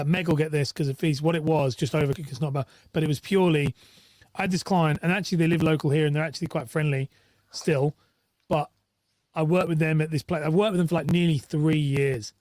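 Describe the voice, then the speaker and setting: A British man with a fairly high voice, sounding close and dry to the mic. He chats casually as a broker, rambling through candid stories with plenty of restarts and blunt swearing. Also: a little mellow, dry recording. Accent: British English. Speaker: mortgage broker. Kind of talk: casual podcast chat.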